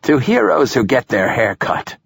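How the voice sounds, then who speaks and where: A man voicing an ancient, frail male poet who is imperious and profane, with a rasping, snappish delivery. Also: medium pitch, sing-song, measured pace, dry recording, pitched above the performer's own voice, full character voice. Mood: formal. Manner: snappish and formal.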